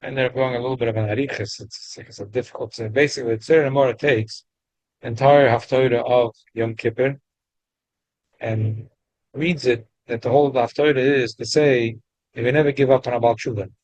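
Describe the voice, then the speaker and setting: A man teaching a weekly Torah class, mixing casual English explanation with rapid readings of Hebrew text. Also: mid-range voice, steady tone, a little mellow, dry recording, low-quality recording.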